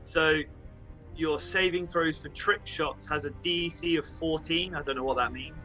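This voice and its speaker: A man's voice: on the high side, fairly even intonation, moderate pace, pushed and bright, faint music behind, poor audio. A man playing a tabletop game over an online call, apologetic and unsure about the rules. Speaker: player. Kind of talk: casual tabletop game play.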